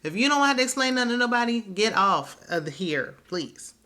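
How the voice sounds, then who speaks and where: A woman's voice: a little high, very animated, normal speed, bright, forceful tone. A woman hosting a casual reality TV recap, chatty and opinionated, who laughs often.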